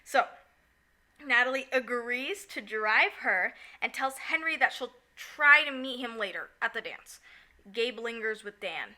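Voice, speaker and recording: A woman with a very bright, slightly high voice co-hosts a casual podcast. She giggles often and slips into little acted-out lines while recapping a story. Her talk is animated and chatty. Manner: giggly, animated, acts out characters in quick asides. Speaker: podcast co-host. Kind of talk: casual chat recapping a musical.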